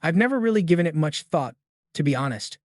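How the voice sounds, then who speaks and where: A cool, unbothered young guy, voiced by a man narrating a comic recap, hands out praise in a flat, matter-of-fact way. His voice sits a touch high for a man and sounds dry and close. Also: fast talker, no room sound, lightly acted. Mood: calm. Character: calm, blunt young man who hands out compliments.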